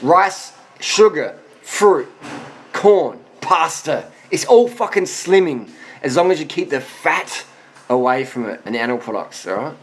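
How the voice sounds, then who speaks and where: A man's voice: on the high side, animated, normal speed, slight background noise. A man of forty giving blunt, profane answers to viewer questions in a casual monologue, worn out after a long ride. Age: 40s.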